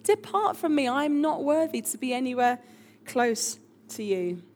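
A woman preacher voicing a proud, blustering male fisherman who turns awestruck, in a loud, indignant manner. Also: animated, measured pace. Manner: indignant, boastful, high and loud.

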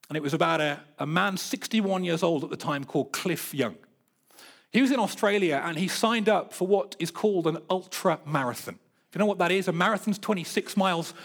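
Male pastor, middle-aged, fairly high voice; earnest sermon delivery with lively storytelling. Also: husky. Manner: earnest, building emphasis, playful storytelling.

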